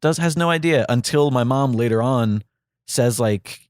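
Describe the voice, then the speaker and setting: A man hosting a podcast, speaking from the heart in a halting, grieving monologue full of fillers and restarts. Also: mid-range voice, clear, resonant tone, dry recording, clean studio sound. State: grieving, voice catching. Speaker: podcast host.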